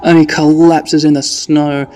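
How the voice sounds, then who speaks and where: A man hosting a sleep podcast, narrating a video game in a rambling, relaxed way from the side entrance of a half-built house. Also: a little high, unhurried, soft background music. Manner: rambling, relaxed, self-correcting. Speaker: podcast host narrating gameplay.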